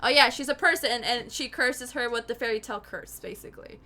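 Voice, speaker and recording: A woman streaming a game, reading the story aloud and ranting loudly about the characters in an exasperated way. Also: fairly high pitch, brisk. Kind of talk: game playthrough commentary and reading.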